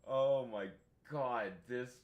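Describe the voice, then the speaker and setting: A young man talking loosely over a game stream, middling in pitch. He rambles through anecdotes, swears constantly and breaks into laughs. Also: takes it slowly, dull audio. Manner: profane, laughs often, animated storytelling. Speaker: gaming streamer. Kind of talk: casual rambling chat.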